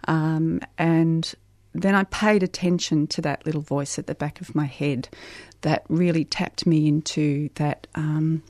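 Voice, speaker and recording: A woman speaks in a measured, unhurried way, pausing often with soft fillers as she thinks. Her voice sits a little low for a woman. The studio sound is close and dry. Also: fairly even intonation, no room sound. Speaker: author guest. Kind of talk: radio interview, reading aloud.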